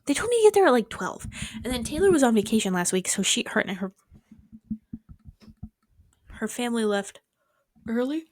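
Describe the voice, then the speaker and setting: Twenties woman vlogger, fast sardonic rambler, mic right at the mouth, no room sound. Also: a little high, expressive, no echo, studio quality. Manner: fast-talking, swears freely, sarcastic asides. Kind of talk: rambling casual chat. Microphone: close mic held near the mouth.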